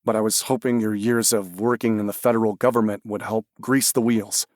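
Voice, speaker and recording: A male narrator voicing a dog handler in search and rescue, who speaks calmly, firmly and to the point. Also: lowish voice, fairly quick, no echo, studio quality, close to an everyday voice. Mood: steady.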